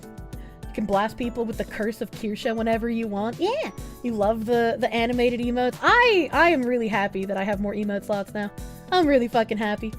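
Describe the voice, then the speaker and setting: A woman's voice: on the high side, a little fast, soft background music. A woman livestreamer chatting casually and thanking viewers for donations, crude and joking, swearing freely. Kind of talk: casual stream chat, reading out donations.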